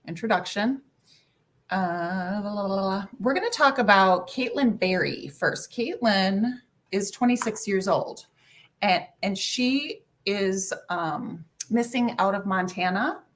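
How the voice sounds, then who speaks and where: A woman's voice: mid-range voice, fairly bright tone. A woman hosting a casual livestream, greeting viewers by name and swearing offhandedly. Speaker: livestream host. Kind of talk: casual live chat.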